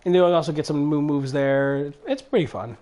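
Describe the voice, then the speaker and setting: A man's voice: on the high side, normal speed, mellow. A man playing a game and chatting casually, explaining its mechanics plainly. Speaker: player of the game. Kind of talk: casual chat over gameplay.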